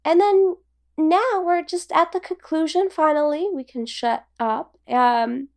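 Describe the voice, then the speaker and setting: A woman with a fairly high voice co-hosts a podcast in loose, casual chat. She rambles, giggles often and fills her sentences with "like" and "um.". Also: steady tone, unhurried. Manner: giggly, rambling, filler-heavy. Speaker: podcast co-host.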